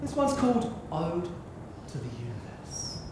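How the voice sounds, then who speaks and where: Playing a boisterous old-time pirate captain, a solo male performer sings and recites rhyming verse to a live audience with earnest feeling. His high, exaggerated voice swings hugely in pitch at an unhurried pace, amid heavy background noise, music, and theatre echo.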